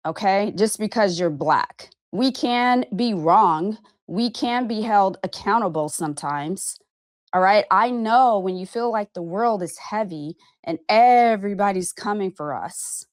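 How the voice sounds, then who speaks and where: A woman's voice: mid-range voice, no room sound, clean studio sound. Frank, emphatic woman in her fifties. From Arizona, USA. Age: 50s. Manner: frank and emphatic, with casual swearing and repeated "okay?". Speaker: vlogger and podcast host. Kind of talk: candid personal monologue to camera.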